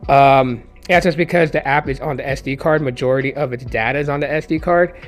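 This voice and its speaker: Rambling male tech vlogger, slightly hoarse. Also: mid-range voice, a little fast, soft background music. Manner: rambling, conversational, many fillers. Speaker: tech reviewer. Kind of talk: casual tech review vlog.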